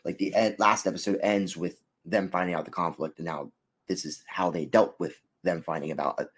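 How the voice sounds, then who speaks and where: A man with a slightly low voice talks through a cartoon episode in a loose, rambling way. He circles back on his points with lots of fillers and restarts. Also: fairly even intonation, fairly quick, husky. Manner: rambling, many fillers and restarts, laughs loudly. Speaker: co-host reviewing an episode. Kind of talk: casual review chat.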